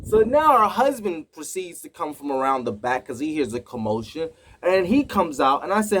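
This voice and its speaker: A man's voice: on the high side, big pitch swings, normal speed, hardly any pauses, a bit bright, low-quality recording. An American man vlogging, retelling a personal run-in in an emphatic, indignant way. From United States. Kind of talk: casual storytelling to camera.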